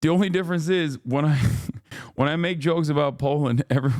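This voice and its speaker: A man's voice: on the high side, a little fast, a little mellow, no room sound, clean studio sound. A man hosting a casual livestream, talking back to his chat in a profane, ranting way and laughing often. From lives in California. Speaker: livestream host.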